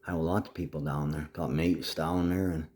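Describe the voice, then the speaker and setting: A man's voice: a bass voice, steady tone, moderate pace, darkish tone. A man recording a rambling, profane video message to his family. He is agitated, jumps between topics and keeps slipping into a mock Aussie twang.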